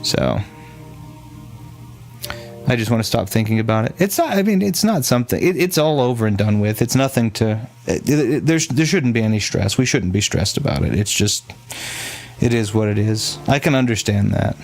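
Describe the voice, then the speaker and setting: A man's voice: mid-range voice, expressive, normal speed, gravelly, darkish tone, soft background music. A man from Texas, a streamer rambling and thinking aloud in casual chat with his viewers.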